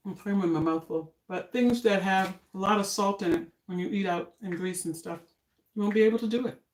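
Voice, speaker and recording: An older woman chatting casually on a home cooking live stream, homey and relaxed, talking while she eats. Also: mid-range voice, fairly quick, roomy sound, background noise. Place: home kitchen.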